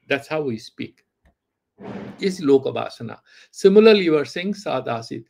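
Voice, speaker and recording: A man's voice: mid-range voice, expressive, moderate pace, vocal fry, darkish tone. A man teaching Vedanta, reciting Sanskrit verses and arguing with an imagined student through rhetorical questions. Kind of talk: philosophy lecture with Sanskrit recitation.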